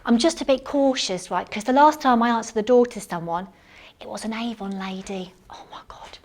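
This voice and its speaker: A woman playing a chatty, cleaning-obsessed housewife in a live one-woman comedy monologue, gushing and excitable, full of rambling asides. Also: a little high, brisk, lightly acted. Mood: gushing chatter. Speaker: stage comedy performer. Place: theatre stage.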